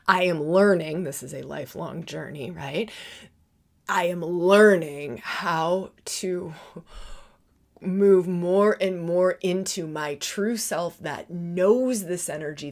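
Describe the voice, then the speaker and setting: A woman hosting a podcast, giving a spiritual teaching monologue. She drifts into soft whispers, giggles often and searches for words. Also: lowish voice, creaky. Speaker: podcast host and retreat teacher.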